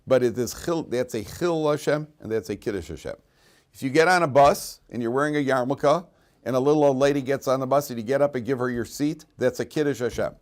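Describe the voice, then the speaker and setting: Animated rabbi telling stories in class. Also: male voice, medium pitch, quick pace. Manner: animated storyteller, acts out voices and laughs at his own jokes. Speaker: rabbi teaching a weekly Torah class. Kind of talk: lively informal Torah lecture. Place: classroom at a Jerusalem yeshiva.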